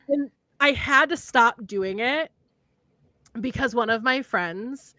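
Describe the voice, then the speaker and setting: A woman's voice: a little high, slow pace, no room sound. A young woman hosting a casual livestream chat, telling stories with lots of laughter. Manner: animated storyteller, laughs often. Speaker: podcast host.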